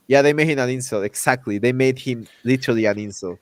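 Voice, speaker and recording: A man hosting a casual chat, ranting in an animated way and acting out characters' lines with exaggerated voices. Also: mid-range voice, quick pace, no room sound. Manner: loose, repetitive restarts while ranting. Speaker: podcast host.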